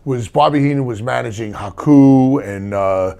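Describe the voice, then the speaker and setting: Gravelly-voiced man telling rambling stories. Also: mid-range voice, normal speed, a little mellow. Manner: rambling anecdotes with many restarts. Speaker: wrestler guest. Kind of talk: casual interview storytelling.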